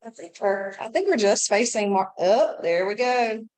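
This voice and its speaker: Hoarse upbeat woman hosting a meeting. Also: medium pitch, animated, moderate pace, darkish tone. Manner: upbeat, chatty and loosely rambling. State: hoarse, scratchy from a cold. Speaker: team leader hosting a meeting. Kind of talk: casual meeting talk.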